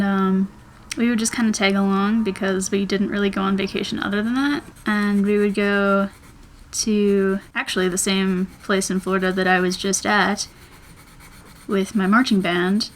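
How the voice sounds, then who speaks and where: A young woman in her twenties chats casually as she draws. Her voice sits at an ordinary middle pitch, and she rambles and thinks out loud in an easy vlogger way. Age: 20s. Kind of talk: casual chat while drawing.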